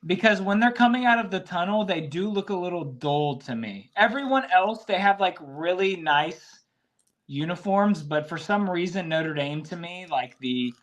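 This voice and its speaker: A man co-hosting a casual sports podcast, excitable and reacting out loud as he talks. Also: high voice, moderate pace. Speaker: podcast co-host.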